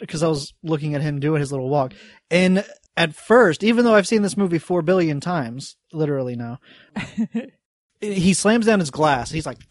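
A man's voice: a little high, expressive, moderate pace, no echo, studio quality. A man as a podcast guest, playful in casual chat, acting out scenes as he talks. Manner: playful, acts out scenes in funny voices.

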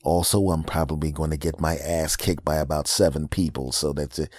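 A man's voice: rumbling low, fairly even intonation, brisk, a little mellow, husky, no echo, clean studio sound. A man hosting a podcast, doing a rambling, self-deprecating comedic monologue.

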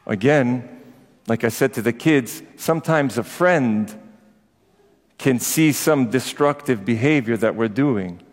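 A priest giving a conversational sermon to his congregation, with personal asides. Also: medium pitch. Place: church. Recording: echoey church with long reverb.

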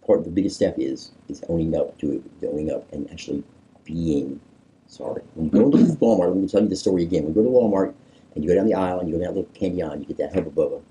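A male pastor, preaching conversationally and drawing answers from a small group, animated and emphatic. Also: deep voice, very fast, husky, poor audio. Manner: animated, coaxing, rises to emphatic peaks. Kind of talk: conversational sermon with group discussion.

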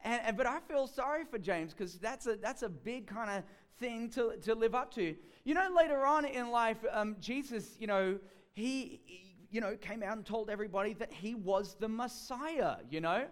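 Chatty preacher with a high voice. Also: male voice, lively intonation, moderate pace, smooth. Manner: chatty, storytelling, many fillers and restarts. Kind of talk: sermon.

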